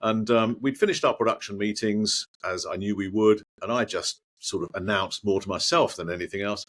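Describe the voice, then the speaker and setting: A middle-aged man, a guest in a conversation, telling animated anecdotes with mild swearing and frequent restarts. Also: lowish voice, normal speed. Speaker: guest, former sports broadcaster.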